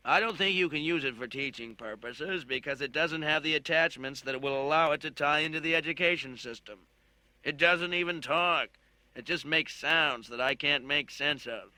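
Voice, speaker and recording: A man's voice: fairly high pitch, normal speed, pushed and bright, no echo. A man voicing a sneering, blustering male shopkeeper in an audiobook reading. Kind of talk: audiobook narration with character voices.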